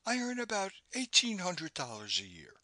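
Guy doing an earnest young lady poet, bright sharp tone, all over the place in pitch. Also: wildly swooping pitch, normal speed, no room sound, exaggerated voice. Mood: eager.

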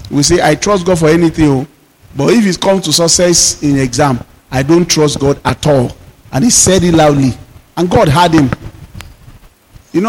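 A male pastor delivering a sermon, drawing out emphatic declarations slowly. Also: fairly high pitch. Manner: preaching with emphatic slowed declarations. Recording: long reverb of a hall.

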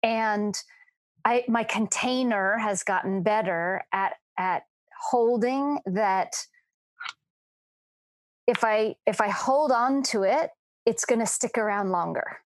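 A woman's voice: medium pitch, takes it slowly, no room sound. Earnest woman coach on a podcast. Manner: earnest, reflective, frequent restarts. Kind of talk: reflective podcast conversation.

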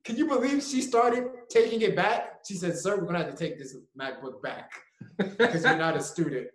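Fairly high-pitched and fairly quick, this young podcast co-host spins a story during casual chat. The room echoes, he laughs a lot, and he performs the quotes with animated energy.

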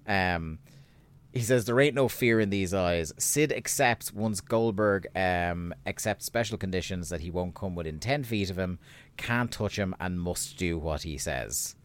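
A man co-hosting a casual podcast recap, sweary and sardonic, getting animated when he rants. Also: low-pitched, measured pace, clean tone. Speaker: podcast co-host.

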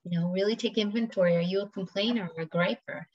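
A woman's voice: mid-range voice, fairly even intonation, fast, darkish tone. A woman co-hosting a talk, putting reflective questions to the listeners. Her voice sits at a medium height. The recording sounds a little dull. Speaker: podcast co-host.

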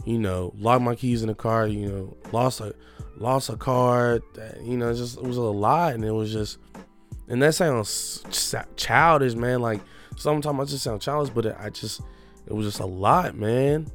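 A young man making a personal confession in a halting, reflective way, often restarting his sentences. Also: medium pitch, soft background music.

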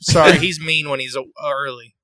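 A man's voice: a little high, steady tone, moderate pace, bright, forceful tone, no echo, studio quality. A man hosting a podcast, playful and teasing with his co-host as they chat casually.

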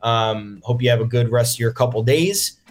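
A man's voice: mid-range voice, normal speed. A man hosting a solo sports podcast, talking in a frustrated, profane, rambling way with many ums. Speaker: podcast host.

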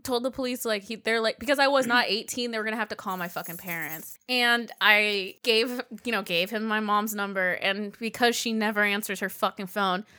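Young woman co-host with a bright, sharp voice; blunt, wry, profane storyteller. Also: medium pitch, a little fast, few pauses. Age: young adult. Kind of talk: casual storytelling chat.

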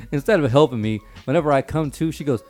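A man's voice: medium pitch, a little fast, a little mellow, soft background music. A man in casual chat, telling a dream story in a loose, joking, profane way.

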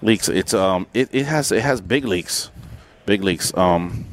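A man's voice: low voice, lively intonation, a little slow. A man hosting a casual live podcast from a racetrack, rambling and joking with lots of restarts. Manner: rambling, joking, many restarts and filler words. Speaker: podcast host. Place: racetrack grandstand overlooking the pit.

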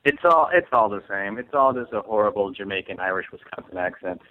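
A comedian guest from St. Louis, USA, chats casually in a rambling, self-mocking way and laughs often. His fairly low voice has lively intonation and a fairly quick pace, heard over a dry, phone-like line with no room sound.

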